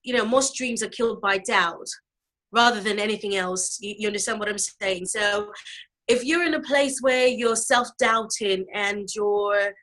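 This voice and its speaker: A woman from the UK talks as an interview guest. She sounds earnest and encouraging, with a few fillers, and speaks at a middling pitch. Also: a little slow, fairly bright tone, poor audio. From United Kingdom. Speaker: author and business mentor. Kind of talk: casual interview talk.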